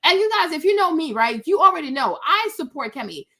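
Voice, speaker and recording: A woman talks to her audience in a casual commentary, her voice sitting high. She is emphatic and circles back to repeat her points, peppering her talk with "right?" and "okay?". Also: big pitch swings, fairly quick, pushed and bright. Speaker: channel host.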